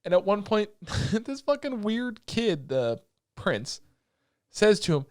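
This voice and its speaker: A young man co-hosting a podcast, recapping anime in a rambling, excitable way with lots of filler words and swearing. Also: high-pitched, takes it slowly, no room sound, clean studio sound. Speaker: podcast co-host. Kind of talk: casual chat recapping anime episodes.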